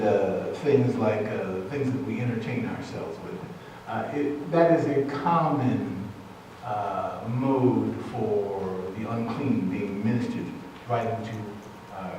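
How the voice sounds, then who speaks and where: A man preaching a sermon as pastor, speaking deliberately and emphatically and repeating key words for weight. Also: medium pitch, a little mellow, slight background noise. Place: church sanctuary. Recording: echoey church hall, voice from a distance.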